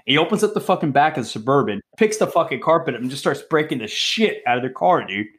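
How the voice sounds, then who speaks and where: A man in his forties, a police interdiction officer, telling stories on a podcast in an excitable, profanity-heavy way and calling people bro and dude. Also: fairly high pitch, quick pace. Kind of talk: casual storytelling chat.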